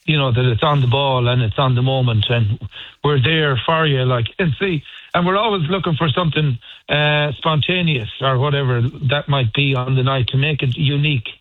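A man who plays in a band, chatting casually in a radio interview and telling stories with halting restarts, heard over a phone line. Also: mid-range voice, no room sound. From Ireland. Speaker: band member guest.

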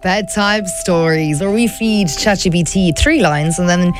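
A woman's voice: lowish voice, measured pace, over music. A woman co-hosting a radio show, chatting in a bubbly, giggly way. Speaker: radio co-host. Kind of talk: casual radio chat. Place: radio studio.

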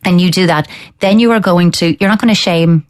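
A woman with a low voice speaks fairly quickly as a steady parenting expert answering listener letters on a radio or podcast show. She stays calm and firm, explaining her advice by acting out what a child might be thinking.

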